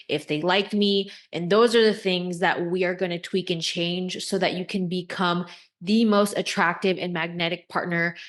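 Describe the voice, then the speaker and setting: A woman coach gives dating advice to camera, high-energy and eccentric, speaking in a deliberate, emphatic way.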